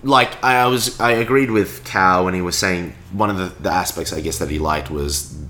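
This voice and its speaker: Young man with a bright, hesitant voice. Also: low voice, moderate pace, slight background noise. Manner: hesitant, many fillers and restarts. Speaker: podcast co-host reviewing a film. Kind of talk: casual film discussion.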